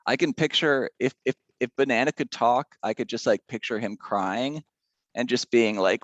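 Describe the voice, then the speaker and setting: A man's voice: mid-range voice, normal speed, dry recording, dull audio. A male teacher giving a casual math lesson, chatty and rambling, drifting into side stories.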